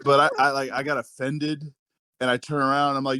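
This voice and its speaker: A man's voice: mid-range voice, little pitch movement, a little fast, pushed and bright, smooth, no room sound, clean studio sound. Laid-back, profane man telling stories. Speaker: guest wrestler. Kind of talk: casual storytelling chat.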